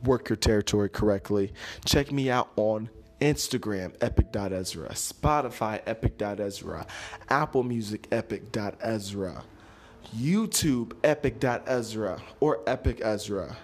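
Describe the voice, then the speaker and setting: A man hosting a solo motivational podcast, talking in an animated, playful way with sudden jumps in pitch. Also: a little slow. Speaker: podcast host.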